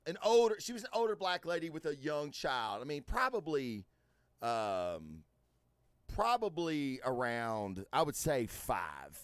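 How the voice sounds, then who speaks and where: A man's voice: a little high, sing-song, measured pace, dry recording. A man hosting a casual podcast, telling stories loosely with many fillers and plenty of swearing. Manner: loud, swearing, storytelling with lots of fillers. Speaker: podcast host. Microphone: studio microphone.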